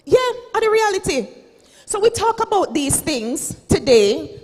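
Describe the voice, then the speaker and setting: A Jamaican woman in her forties delivers a fiery keynote to teachers, her voice set high and carrying. She preaches with drama and slides between standard English and Patois. The sound rings out with the long reverb of a big hall. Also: sing-song, unhurried, a little mellow. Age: 40s. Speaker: school principal and keynote speaker. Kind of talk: motivational keynote speech.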